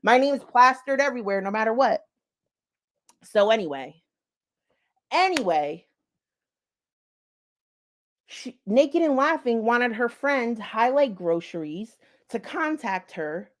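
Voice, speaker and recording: A woman's voice: a little high, lively intonation, slow, pauses often. A woman vlogger giving blunt, profane commentary and talking straight to her viewers. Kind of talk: casual drama commentary.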